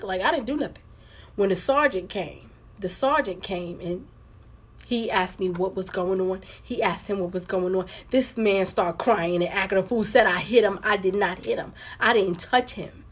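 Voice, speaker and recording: Husky woman on a live stream telling y'all a real story, candid and chatty, talks straight to viewers. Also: medium pitch, normal speed. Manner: candid, conversational, addresses viewers as girl and y'all. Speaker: livestream host. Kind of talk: emotional personal storytelling to viewers.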